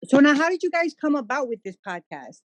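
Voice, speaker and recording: A woman's voice: sits high, sing-song, fairly quick, dry recording. A woman hosting a podcast in a casual interview, conversational and a little hesitant as she asks her questions. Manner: conversational, hesitant with fillers and restarts. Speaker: podcast host.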